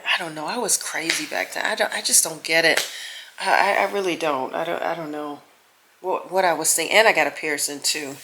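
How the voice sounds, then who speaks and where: A woman's voice: low-pitched, slight background noise. Chatty middle-aged woman vlogger. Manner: animated and exclaiming, many restarts, drops to soft musing. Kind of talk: casual chat to camera.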